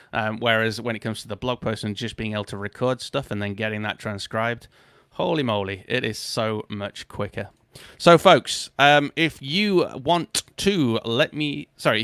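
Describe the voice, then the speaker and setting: A man's voice: medium pitch, a bit bright, smooth, dry recording, clean studio sound. Chatty man hosting a live stream. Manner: chatty, self-correcting, upbeat. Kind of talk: casual live-stream talk.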